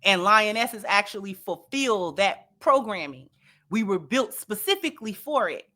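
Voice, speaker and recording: Woman, commentary host, emphatic, repetitive, folksy sayings, mid pitch, bright tone. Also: lively intonation, normal speed. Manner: emphatic, repeats lines for effect, folksy sayings. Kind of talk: opinionated commentary on a clip.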